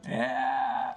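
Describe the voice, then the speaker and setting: A woman hosting a livestream, chatting casually in a blunt, teasing way with frequent swearing. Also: a bass voice. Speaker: livestream host. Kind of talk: casual chat.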